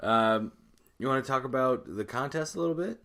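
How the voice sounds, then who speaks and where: A man's voice: medium pitch, fairly quick, a crowd in the background. A young man co-hosting a podcast, telling a party story in casual chat, acting out quotes and laughing often. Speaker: podcast co-host.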